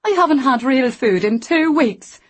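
A woman's voice: on the high side, sing-song, measured pace, darkish tone, slightly rough, pitched above the performer's own voice, heavily acted. A woman voicing an injured, bedridden young woman who complains in a mock-plaintive wail.

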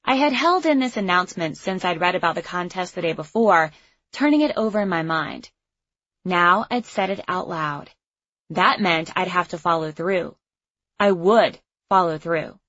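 Female audiobook narrator, wry and expressive; dry, dull lo-fi recording. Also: medium pitch, no room sound. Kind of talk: first-person audiobook narration. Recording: slightly muffled lo-fi recording.

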